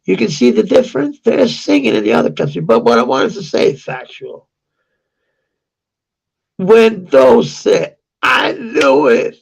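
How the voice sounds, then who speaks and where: A man with a Danish accent delivers a heated, profane rant in a slow, deliberate cadence. His voice is slightly high, very gravelly and husky. The recording sounds dull and lo-fi. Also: very animated, darkish tone. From Denmark. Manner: heated, profane, repetitive ranting. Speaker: vlogger. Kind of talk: angry rant to camera.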